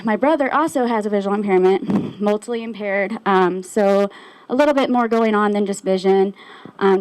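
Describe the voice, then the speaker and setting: A woman giving a short, earnest speech about her own experience, plain and steady with frequent ums. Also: mid-range voice, rough recording. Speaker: staff member sharing personal experience.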